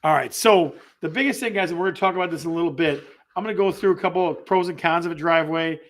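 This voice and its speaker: Upbeat man hosting a live real estate stream, high bright voice, reads chat aloud and repeats phrases. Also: rapid-fire. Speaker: real estate show host.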